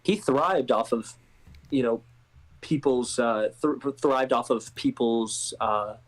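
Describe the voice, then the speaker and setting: Man, actor guest, mid pitch, hesitant, restarts, self-mocking, casual interview. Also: takes it slowly, rough recording.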